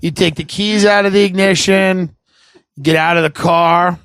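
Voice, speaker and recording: A man hosting a podcast, telling rambling stories in casual chat, animated and laughing, slipping into silly voices for his friends. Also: high voice, normal speed, clear, resonant tone, dry recording. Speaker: podcast host.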